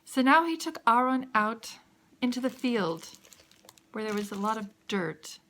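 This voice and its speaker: A woman telling a children's story in an expressive way, with sound effects. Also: fairly high pitch, a little slow. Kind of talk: animated children's story narration.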